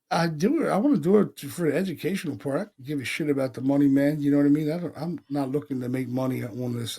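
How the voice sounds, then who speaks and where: A man from Pennsylvania hosting a podcast, telling stories in a casual, animated way, acting out quotes and swearing freely. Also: mid-range voice, vocal fry. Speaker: paranormal podcast host. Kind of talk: casual storytelling chat.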